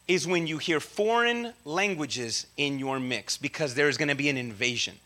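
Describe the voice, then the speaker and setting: A man's voice: fairly high pitch, animated, moderate pace, hardly any pauses, sharp tone. A man preaching a casual teaching sermon, talking in a slangy, conversational way with many asides and check-ins to the audience. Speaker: preacher teaching a Bible study.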